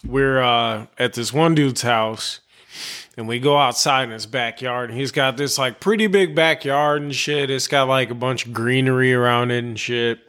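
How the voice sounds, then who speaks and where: A man from Chicago co-hosting a podcast, telling a long story in a rambling, profane way and clearing his throat often. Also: mid-range voice, normal speed, a bit bright. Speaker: podcast co-host. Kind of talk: casual storytelling chat.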